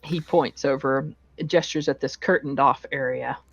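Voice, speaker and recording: Slow, unhurried game master on a dull call line. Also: mid-range voice, gravelly. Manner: relaxed and hesitant, many fillers. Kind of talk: narrating a tabletop game. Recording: dull, slightly lo-fi online call audio.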